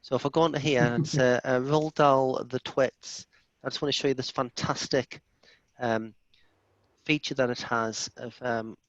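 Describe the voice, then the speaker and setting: A man presenting a software demo in a live online session, enthusiastic and chatty, often restarting his sentences. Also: medium pitch, fairly even intonation, moderate pace, dry recording. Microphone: video call. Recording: dull lo-fi video call audio.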